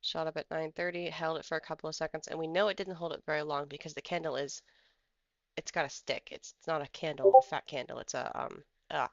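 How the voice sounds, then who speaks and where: A trading streamer chats through charts in a casual live commentary, drifting and thinking aloud. The voice has a gravelly, fry-edged texture. The sound is dry and a little dull, like a lo-fi home mic. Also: medium pitch, fairly even intonation, fast, a little mellow, no room sound. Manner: rambling, thinks aloud while scrolling charts. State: has the hiccups.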